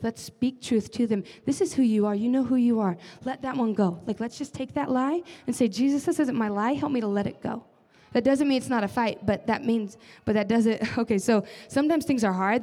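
A woman's voice: on the high side, brisk, few pauses, dark tone. A young woman giving an earnest, conversational sermon as a church leader, often adding casual fillers. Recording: long reverb of a large hall.

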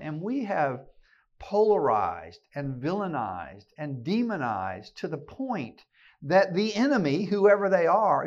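A man giving a sermon-style keynote to a gathering of men, emphatic and folksy, often repeating his phrases. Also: fairly high pitch. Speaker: speaker at a men's gathering. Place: live talk to an audience. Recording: slightly dull lo-fi recording.

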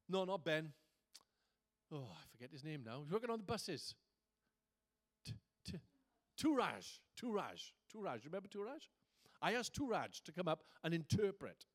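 A man with a notably high voice delivers a sermon from the pulpit. He talks to the congregation in a conversational way, then builds into fervent, emphatic preaching. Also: lively intonation, moderate pace, pauses often. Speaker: pastor.

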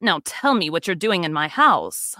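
A woman voicing a frail, wary elderly woman in a read-aloud story, lower and slower than her own voice. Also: sing-song, bright, forceful tone, no room sound, clean studio sound, full character voice. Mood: suspicious.

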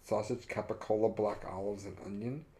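A man's voice: lowish voice, fairly quick. A man co-hosting a casual podcast, wryly reading menu descriptions aloud and teasing his co-host. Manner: wry, reads menu items aloud in a lively tone.

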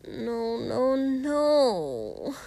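A woman reading the part of a needy young man, breathy and pleading. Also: very high voice, sing-song, drawn-out words, mellow, dry recording, exaggerated voice.

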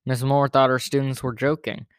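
A man reads a children's story aloud with steady, plain storybook pacing. His mid-pitched voice is recorded close and dry, with no room sound behind it. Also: normal speed, smooth, dry recording.

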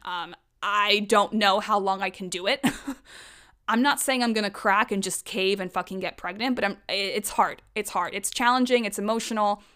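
A woman's voice: mid-range voice, fairly bright tone. A woman in her thirties talking frankly and emotionally in a personal monologue, swearing casually.

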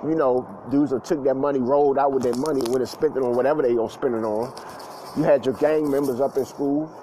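A man's voice: medium pitch, steady tone, fast talker, dark tone, a little hiss or hum, low-quality recording. A grown man telling stories in a casual monologue, with loose slangy talk full of fillers and repeats. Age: adult, past school age.

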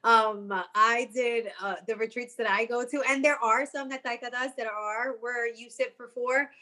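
Casting: woman podcast guest, animated storyteller, slightly high voice. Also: normal speed. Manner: animated storyteller, laughs often. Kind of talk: casual chat.

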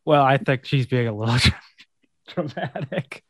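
A man's voice: mid-range voice, a little slow, dry recording, clean studio sound. A man co-hosting a casual chat, joking and wry.

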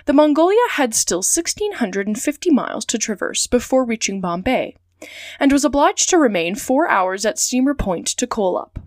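Woman reading an old adventure novel, clear and steady, bit high, dry close sound. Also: moderate pace, no room sound. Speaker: podcast storyteller. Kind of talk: reading a classic novel aloud.

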